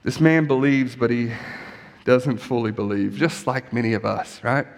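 A man's voice: mid-range voice, moderate pace, gravelly, long reverb tail. A man preaching a sermon as pastor, in a conversational way, often asking his listeners rhetorical questions. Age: young adult or middle-aged, has kids.

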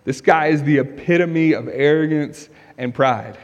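A man preaching in a church sanctuary with a slightly high voice, pressing his points with earnest emphasis and rhetorical questions. His words ring out with the long reverb of a big hall. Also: measured pace, lo-fi sound. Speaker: pastor. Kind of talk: sermon.

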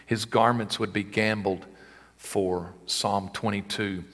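Booming pastor preaching in a reverberant hall. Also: male voice, steady tone, slow. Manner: preaching with sudden swells and quiet asides. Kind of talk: sermon.

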